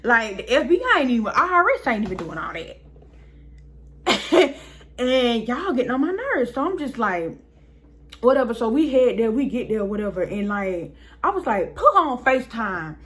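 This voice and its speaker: A woman's voice: on the high side, very animated, moderate pace, fairly bright tone. A young woman vlogger telling a story in a casual, chatty way, talking straight to her viewers.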